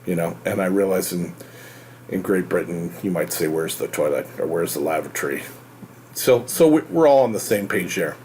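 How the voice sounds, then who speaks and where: American male host, low voice, halting and rambling explainer with faint room hum behind. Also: animated, darkish tone. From United States. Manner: rambling, halting, many fillers and restarts. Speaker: real estate show host. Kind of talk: casual explanatory monologue.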